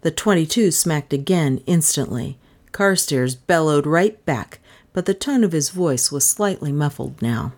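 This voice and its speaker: Low-voiced woman narrating an audiobook. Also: animated, unhurried, darkish tone. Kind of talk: scripted narration of a crime novel.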